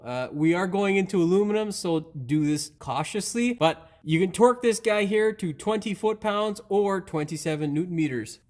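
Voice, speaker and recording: Joking, cursing mechanic with a higher voice. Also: male voice. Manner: joking and swearing, talking to viewers as he works. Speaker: auto repair channel host. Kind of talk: casual how-to narration while working. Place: auto repair shop with a hoist.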